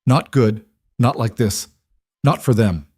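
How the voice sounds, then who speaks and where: A man's voice: medium pitch, slow pace, slightly rough, dry recording, clean studio sound. A man voicing a desperate, protective former inquisitor in a fantasy audiobook, urgent and firm. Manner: urgent, shouting at times.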